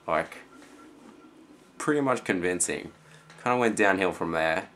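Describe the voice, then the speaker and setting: A teenage boy with an Australian accent, rambling casually in a vlog reply with lots of fillers and quiet trailing-off phrases. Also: low-pitched, lively intonation, a little slow, slight background noise. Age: teens. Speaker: student vlogger.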